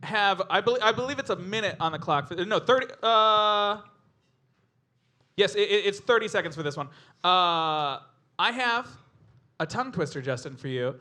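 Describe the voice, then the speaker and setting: A man's voice: high voice, expressive, moderate pace, bright, forceful tone. A man hosting a live comedy game show in front of an audience, bubbly and laughing often as he announces. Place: live stage before an audience.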